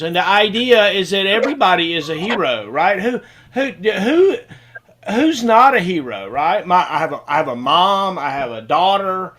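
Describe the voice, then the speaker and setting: High-pitched man, video-call host, rambling and repetitive. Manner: rambling, repeats words, warm thanks. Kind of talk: casual video-call chat.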